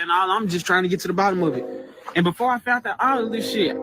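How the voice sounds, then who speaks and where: A man's voice: high voice, music in the background. A twenty-year-old man venting in a casual, rambling and aggrieved way about family. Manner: aggrieved, rambling, fast and repetitive. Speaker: guest telling his story.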